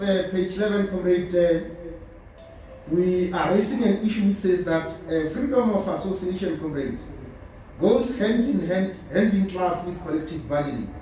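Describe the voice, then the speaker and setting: A trade union official giving a slide presentation at a conference, speaking deliberately and urging his listeners, whom he keeps calling comrade. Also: a little high, warm tone. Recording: very echoey, distant mic, faint noise.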